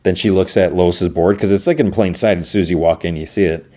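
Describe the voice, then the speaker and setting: A man's voice: low-pitched, brisk, warm tone. A man hosting a podcast, casually retelling an episode in a rambling way with lots of "he's like" and restarts. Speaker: podcast host.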